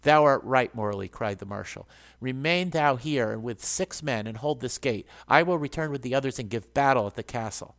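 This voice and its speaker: A man's voice: mid-range voice, expressive, normal speed, a bit bright. A man reading aloud and voicing a proud, stern male knight marshal who speaks in archaic, urgent phrases. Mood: resolute.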